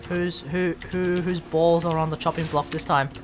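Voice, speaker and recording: A man's voice: on the high side, level tone, moderate pace. A man co-hosting a game stream, chatting casually with joking, exclamatory remarks. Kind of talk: casual gameplay chat.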